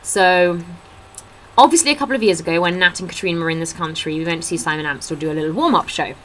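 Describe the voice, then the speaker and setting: A woman's voice: lowish voice, fast, a bit bright, slight background noise, poor audio. A young woman chatting into her laptop webcam at home, telling funny stories and acting out what others said. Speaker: vlogger. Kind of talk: casual chat. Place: indoors at a table at home.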